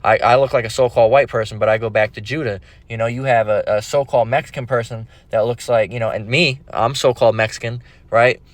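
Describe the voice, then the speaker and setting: A man's voice: medium pitch, steady tone, quick pace, hardly any pauses, no room sound. A man talks through a religious lesson in a loose, conversational way. He rambles, restarts his sentences often and drops in street slang. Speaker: religious teacher. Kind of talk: casual spoken religious lesson.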